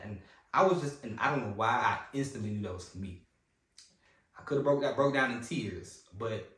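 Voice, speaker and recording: A young man with a lowish voice shares a personal story on a podcast in a candid, conversational way, playing out his own past thoughts and others' words as he goes. The recording carries a noticeable roomy echo. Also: a bit bright.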